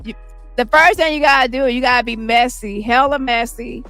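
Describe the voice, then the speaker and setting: A woman's voice: a little high, normal speed, a bit bright, faint music behind. A woman delivering a brash, mocking, profanity-heavy commentary rant. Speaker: commentary channel host.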